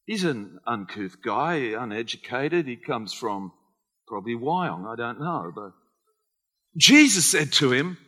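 A man with an Australian accent preaching a sermon as pastor, animated and acting out conversations. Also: mid-range voice, unhurried. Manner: animated, acts out quoted conversations. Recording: long hall reverb.

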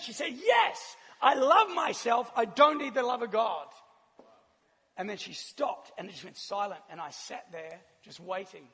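A man from New Zealand with a New Zealand accent giving a sermon with a personal testimony, an animated storyteller who laughs often. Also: sits high, vocal fry, breathy edge. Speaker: church speaker. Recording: long hall reverb.

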